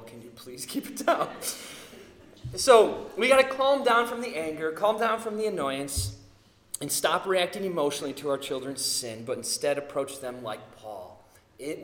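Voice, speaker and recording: A man in his thirties preaching a sermon, telling family stories with lively acted-out quotes. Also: high-pitched, reverberant. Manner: animated storytelling, acting out quotes. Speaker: pastor.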